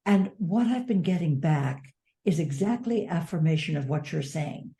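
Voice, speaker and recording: An older woman author speaking in an interview, earnest and measured. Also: sits low, lively intonation, gravelly, warm tone. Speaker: author and advocate. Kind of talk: interview conversation.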